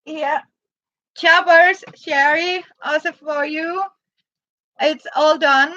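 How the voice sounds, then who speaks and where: A woman whose first language is Danish, showing her handmade boots and materials in halting, hesitant English with many pauses to search for words. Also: high-pitched, fairly even intonation, sharp tone, no room sound, muffled recording. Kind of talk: casual show-and-tell.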